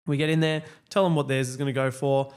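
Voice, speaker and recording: A man's voice: mid-range voice, steady tone, fast, a little mellow, smooth. A young man, co-hosting a casual real estate chat and recounting client stories. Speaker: real estate agent, podcast co-host.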